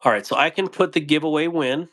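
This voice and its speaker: A man's voice: fairly high pitch, fast talker, fairly bright tone. A man hosting a live stream, reading and answering chat comments in a playful way, laughing often and tripping over tongue twisters.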